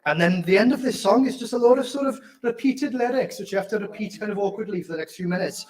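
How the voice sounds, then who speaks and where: A young Welshman with a Welsh accent, speaking song lyrics aloud as a deadpan comic bit, with joking asides. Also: high voice, quick pace, hardly any pauses, low-quality recording. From Wales. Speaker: convention speaker doing a charity bit.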